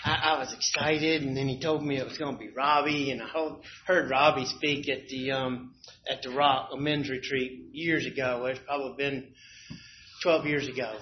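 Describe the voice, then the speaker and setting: A man introducing a friend as speaker, halting and restarting his words. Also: mid-range voice, steady tone, slight background noise. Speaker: event host introducing the speaker. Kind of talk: introduction speech. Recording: lo-fi live hall recording.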